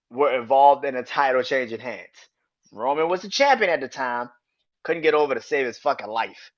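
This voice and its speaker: A young man hosting a wrestling podcast, ranting casually, swearing freely, getting excited, and laughing often. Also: mid-range voice, highs cut off. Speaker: podcast host.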